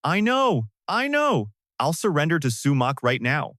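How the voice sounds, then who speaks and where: Brief: arrogant male tycoon, scornful, mid-pitched, dry close sound, voiced by a male narrator. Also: big pitch swings, a little fast, no echo, natural voice. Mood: panicked. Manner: scornful, then panicked shouting. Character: ruthless male corporate president, arrogant.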